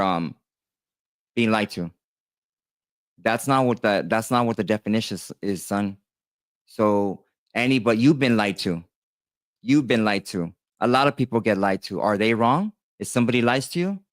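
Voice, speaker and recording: A man's voice: fairly low pitch, no echo. A man in his thirties, a tattoo artist, telling a personal story in a casual, rambling monologue, full of fillers and restarts, talking straight to his viewers. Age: 30s.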